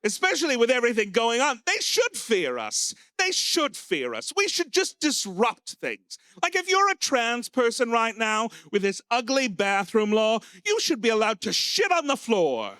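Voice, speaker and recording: A man's voice: very animated, normal speed, hardly any pauses, sharp tone, no room sound, clean studio sound. A man from the United States with an American accent, hosting a stand-up comedy night in a camp, theatrical manner. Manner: camp, theatrical, swooping into shrill character voices. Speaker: comedy host. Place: small pub venue with live audience.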